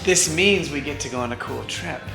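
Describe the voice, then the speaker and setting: A man's voice: medium pitch, brisk, creaky. A man co-hosting a family vlog as the dad, teasing and joking with his wife. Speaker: dad and co-host. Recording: roomy with music behind.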